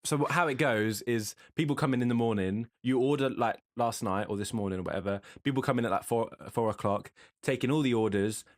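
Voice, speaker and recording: A man's voice: medium pitch, fairly quick, dry recording. A man chats on a homemade podcast, wandering through his stories with plenty of ums and restarts. His voice sits in an ordinary middle register. The sound is dry and close to the microphone. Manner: rambling storyteller, many restarts and fillers. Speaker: podcast co-host. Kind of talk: casual chat. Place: home streaming setup.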